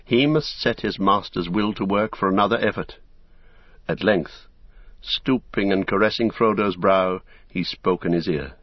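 A man narrating a novel in a measured, solemn storytelling manner. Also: deep voice, dry recording, highs cut off. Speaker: audiobook narrator.

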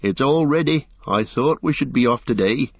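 A man's voice: on the low side, lively intonation, unhurried, breathy edge, no room sound, heavily acted. A man reading aloud and voicing a loyal young male hobbit servant who pleads in homely country speech. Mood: determined. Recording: dull lo-fi dry recording.

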